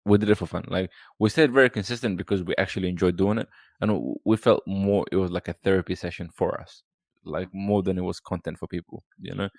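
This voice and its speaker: Gravelly low-voiced man, rambling chat. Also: fast, no echo. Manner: relaxed, rambling, lots of fillers and restarts. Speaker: podcast guest. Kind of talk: casual chat.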